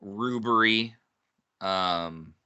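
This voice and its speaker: A man's voice: on the low side, drawn-out words, pushed and bright, clear, resonant tone, highs cut off. A man co-hosting a podcast, chatting casually with frequent laughs and hesitations. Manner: laughs often, hesitant with ums. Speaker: podcast co-host and author. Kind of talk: casual chat.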